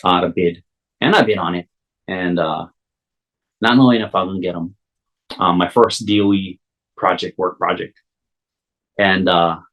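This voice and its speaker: A man's voice: deep voice, fairly even intonation, moderate pace, pauses often, fairly bright tone, lo-fi sound. A man in his forties with a Hawaiian accent, telling a personal story in casual, rambling talk full of "you know" fillers.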